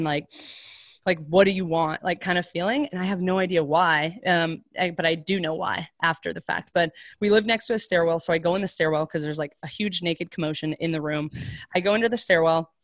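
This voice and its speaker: Young woman with a low voice, storytelling casually. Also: a little fast, no room sound, clean studio sound. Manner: casual, heavy on "like" fillers, animated quoted voices. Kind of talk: personal storytelling in conversation.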